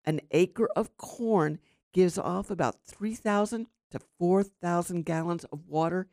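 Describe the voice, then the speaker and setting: A woman's voice: fairly low pitch, a little slow, a little mellow, no room sound, clean studio sound. Chatty radio garden host woman. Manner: chatty, filler-heavy, explanatory. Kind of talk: casual radio talk with call-ins. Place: radio studio.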